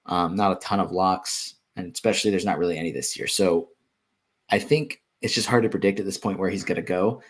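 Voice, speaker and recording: A slightly rough, deep, low-pitched male voice belongs to a fantasy basketball analyst fielding viewer questions in a relaxed, unscripted live Q&A. He thinks through his answers aloud, with plenty of ums and self-corrections as he restarts sentences.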